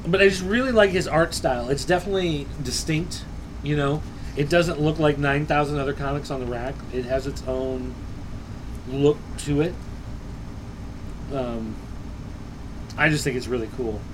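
A man co-hosting a comic book chat, quick with wry, joking remarks. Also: on the high side, noisy background. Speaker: comic book podcast co-host. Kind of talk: casual chat.

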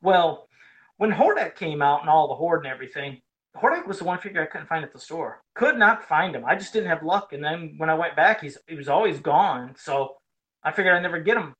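A man in casual podcast chat, telling a nostalgic story with lively swings in pitch. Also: a little fast, dull audio.

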